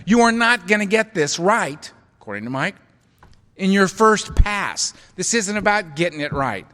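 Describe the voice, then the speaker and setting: A middle-aged man speaking at a recovery meeting, telling a story with an animated, self-mocking sense of humor. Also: high voice, moderate pace. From United States. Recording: hall reverb, live talk recording.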